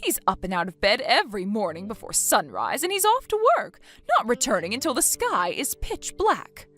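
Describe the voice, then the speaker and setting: A woman's voice: on the high side, wildly swooping pitch, normal speed, a bit bright, exaggerated voice. A woman voicing a bossy, nagging mother-in-law who scolds and belittles, in a text-story dramatization. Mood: scolding.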